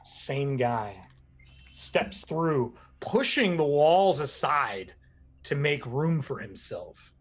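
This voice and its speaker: Husky-voiced man running a game. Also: on the high side, drawn-out words. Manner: animated, laughs often. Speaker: game master. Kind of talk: narrating a tabletop game.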